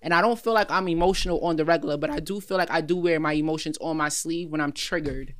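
A woman's voice: sits low, quick pace. A woman in a casual group chat who insists on her point and repeats herself defensively.

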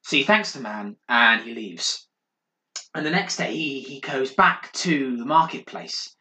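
A man spins a spooky tale for his podcast friends, dropping to a hush to build suspense. His voice is bright and forceful at an everyday pitch, and the room gives a roomy echo. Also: lively intonation, a little slow. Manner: dramatic, hushed, building suspense. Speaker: podcast co-host. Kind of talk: casual storytelling.

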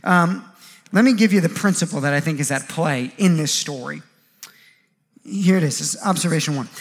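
A man's voice: high voice, normal speed, a bit bright. A man preaching a sermon as pastor, in a casual, conversational way, often acting out the voices of the people he quotes.

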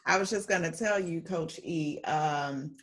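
Low-voiced woman hosting casually. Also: a little slow, a bit bright. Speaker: host.

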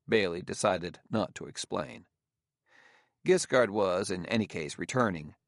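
A man narrating an audiobook in a measured, steady storytelling manner on a close studio mic. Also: low-pitched, no room sound. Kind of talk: scripted narration.

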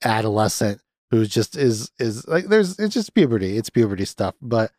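A man's voice: fairly low pitch, very animated, normal speed, darkish tone, dry recording, clean studio sound. Rambling thirtysomething man reviewing a movie. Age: 30s. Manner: rambling, chatty, swears freely. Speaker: podcast host. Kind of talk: casual movie review chat.

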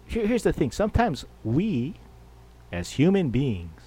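A man's voice: a little high, wildly swooping pitch, unhurried, dark tone, husky. A middle-aged man hosting a podcast, rambling and jokey in a casual monologue. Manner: rambling, jokey, full of fillers. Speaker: podcast host.

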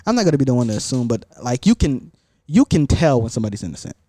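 Young man, mellow and dry, loose rambling storyteller in casual chat. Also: mid-range voice, big pitch swings, rapid-fire, no room sound. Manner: rambling storytelling with many fillers. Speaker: podcast storyteller.

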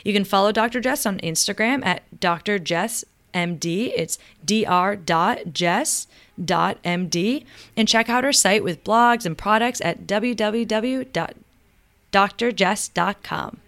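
A woman's voice: medium pitch, measured pace, fairly bright tone. A woman hosting a podcast, enthusiastic and laughing often in casual conversation. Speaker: podcast host, naturopathic doctor. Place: medical center room.

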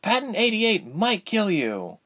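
A man voicing a timid, anxious young woman in a storybook reading, speaking in a high, fretful voice. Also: wildly swooping pitch, slow, a bit bright, husky, heavily acted. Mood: doubtful. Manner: fretful, worried pleading.

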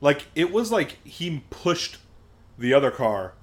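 A man's voice: a little high, slow pace. A man co-hosting a podcast in casual chat, telling a story with energy and acting out the people in it with a raised voice. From Southern California. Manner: animated storyteller, acts out quotes in a raised voice. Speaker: podcast co-host.

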